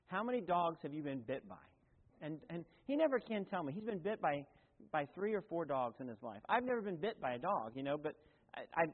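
A man preaching a sermon as pastor, in a folksy, conversational way with asides and self-corrections. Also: on the high side. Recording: tinny, phone-like sound in a long-echoing hall.

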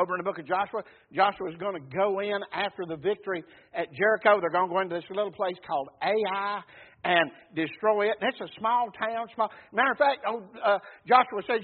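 A man preaching a sermon who drops low and quiet, then swells to near shouting. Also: slightly rough. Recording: tinny phone-line sound.

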